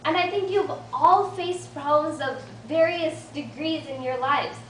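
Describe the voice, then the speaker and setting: Her high, slightly bright voice moves a little slowly as this late-teen guest speaker earnestly encourages a support group. She pokes light fun at herself while telling her story, recorded from afar in a roomy meeting room with faint noise.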